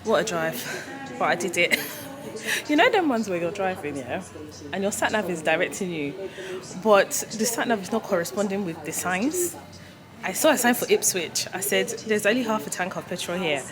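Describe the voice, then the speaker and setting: A woman chatting to camera as a vlogger at a car dealership, in a rambling, excitable way. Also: mid-range voice, normal speed, a crowd in the background. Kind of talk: casual chat to camera.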